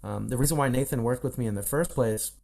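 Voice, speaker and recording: The Midwestern voice coach, again a guest on a podcast recorded over video call, talks fast in a gravelly voice of medium pitch. He spins stories in the casual interview, bringing the quoted dialogue to life with lively impressions.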